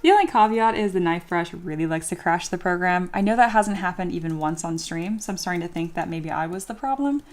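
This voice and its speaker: Speaking briskly with hardly any pauses, a woman with a fairly low-pitched voice hosts a sculpting livestream. She works on 3D models while chatting casually and reading viewer comments aloud, joking at her own expense over soft background music.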